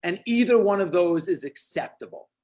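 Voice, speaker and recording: Punchy motivational speaker, forties, high-pitched voice, lively storytelling on a call. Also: male voice, normal speed. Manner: energetic, punchy storytelling with acted-out quotes. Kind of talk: storytelling talk on a video call.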